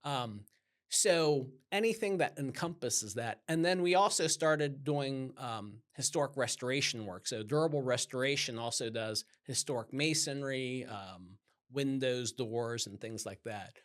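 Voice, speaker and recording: Man, guest, roofing business owner, casual storytelling, animated quotes. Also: medium pitch, a little slow. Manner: animated, acts out customer dialogue in quotes.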